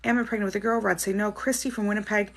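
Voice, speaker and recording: A woman's voice: medium pitch, steady tone, rapid-fire. A woman hosting a live stream, reading out viewers' names and questions and answering them in a chatty, reassuring way. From Canada. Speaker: psychic livestream host.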